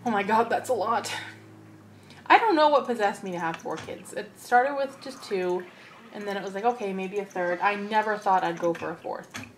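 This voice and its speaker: A woman's voice: mid-range voice, normal speed, slight background noise. Chatty young woman narrating gameplay. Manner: chatty, talks to her game characters. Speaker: let's play host. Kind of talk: casual gameplay commentary.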